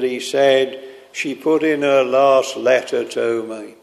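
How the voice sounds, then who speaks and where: An older man preaching a sermon, telling stories in a slow, earnest way and drawing out quoted lines. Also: medium pitch, steady tone, gravelly. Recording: long hall reverb.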